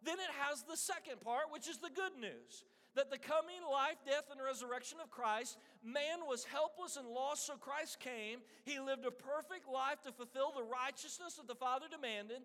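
A man's voice: extremely high pitch, moderate pace, few pauses, pushed and bright. A man preaching a sermon, telling a story and acting out the voices of its characters. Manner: earnest preaching, acts out quoted voices. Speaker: pastor. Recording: long hall reverb.

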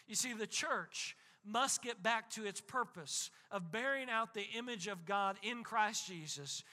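A man's voice: sits high, unhurried, bright, forceful tone, long reverb tail. A man preaching a sermon as a pastor, impassioned, with emphatic repetition.

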